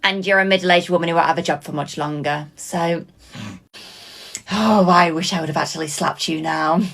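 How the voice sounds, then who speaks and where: A woman's voice: on the low side, moderate pace, vocal fry, fairly bright tone. A woman voicing a scheming, vindictive teenage schoolgirl who sneers coldly. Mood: sneering. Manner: sneering and cold.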